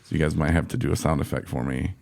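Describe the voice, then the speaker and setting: A low-voiced man hosts a casual podcast chat. He tells his story with animated exasperation and acts out his own quotes as he goes. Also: fast talker, vocal fry. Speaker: podcast host.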